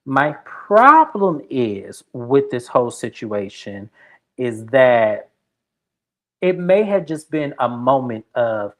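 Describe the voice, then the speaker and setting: A man recapping a reality show in casual, animated commentary, with plenty of filler words and quick retellings. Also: medium pitch. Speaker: reality TV reviewer.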